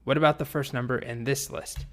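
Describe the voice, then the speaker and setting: A man's voice: medium pitch, fairly even intonation, brisk, a bit bright, natural voice. A man doing an eager, polite young boy. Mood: pleading.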